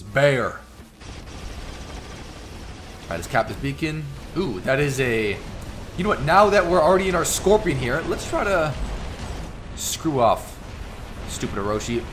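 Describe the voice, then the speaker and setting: A man giving excitable live commentary over his own gameplay, teasing and taunting the opponents as he plays. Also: mid-range voice, a little hiss or hum. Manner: excitable, trash-talking the enemies. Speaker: gaming YouTuber.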